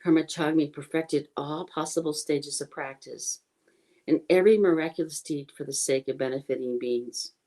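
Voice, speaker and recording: A woman sharing an informal online dharma talk on a teacher's life, earnest and apologetic, pausing to chant a refuge prayer slowly. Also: low voice, warm tone, low-quality recording. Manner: earnest, apologetic, self-correcting.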